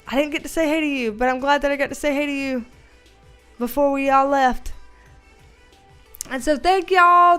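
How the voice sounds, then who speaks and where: A woman's voice: high voice, a bit bright. A Southern American woman in casual livestream chat from home, rambling and talkative, laughing often as she greets viewers. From Southern United States. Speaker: livestream host.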